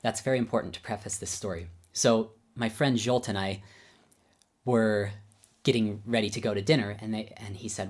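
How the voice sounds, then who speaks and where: A man's voice: fairly low pitch, fairly even intonation, normal speed, husky. A man who is a concert pianist and teacher, telling personal stories in a friendly, self-deprecating way. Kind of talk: casual personal storytelling.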